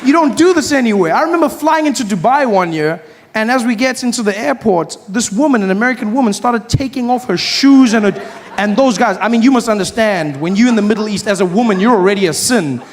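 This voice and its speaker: A man performing a stand-up comedy routine, talking animatedly and acting out characters with big shouted voices. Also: high voice, expressive, fast talker. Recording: live stage recording with crowd. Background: audience laughter.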